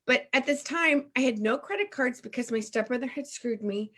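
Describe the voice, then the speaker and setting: A middle-aged woman from Texas, a guest telling a personal story in an emotional, animated and candid way. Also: high-pitched, moderate pace.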